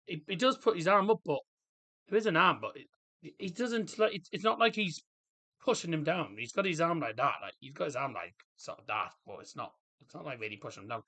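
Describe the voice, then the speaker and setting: A man hosting a casual live football watchalong, chatting in a rambling, jokey way and reacting loudly to the game. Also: fairly high pitch, expressive, brisk. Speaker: livestream host. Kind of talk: casual match watchalong chat.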